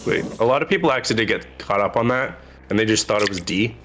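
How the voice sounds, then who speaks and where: A man's voice: fairly low pitch, expressive, quick pace, fairly bright tone, slight background noise. A man, a game developer, casually explaining his early game design on a livestream, with lots of likes and ums.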